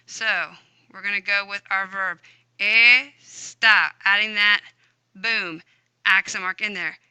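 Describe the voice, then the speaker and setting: A woman's voice: mid-range voice, steady tone, slow, bright, forceful tone, clear, resonant tone, no room sound. Upbeat woman teaching a grammar lesson. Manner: upbeat, chatty, talks to herself while typing. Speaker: Spanish teacher. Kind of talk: recorded grammar lesson with screen typing.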